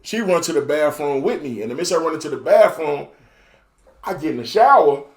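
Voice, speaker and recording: A man's voice: a little high, brisk, roomy sound. A man telling a crude story on a podcast. He talks loosely and casually and keeps filling in with phrases like "you know.". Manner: crude, loose and lively, with many fillers like "you know what I'm saying". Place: podcast studio.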